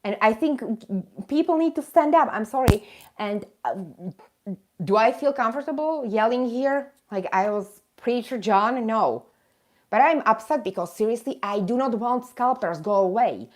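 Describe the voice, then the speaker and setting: Woman, live stream host, somewhat high voice, indignant, emphatic, chatty asides, self-mocking. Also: moderate pace. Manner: indignant, emphatic, addresses viewers as ladies. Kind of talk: impassioned live chat rant.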